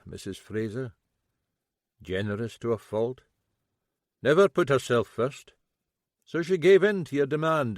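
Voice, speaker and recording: A man voicing a shrewd, middle-aged Scottish detective who needles a suspect slowly. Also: lowish voice, dry recording, clean studio sound. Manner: slow, needling, toying.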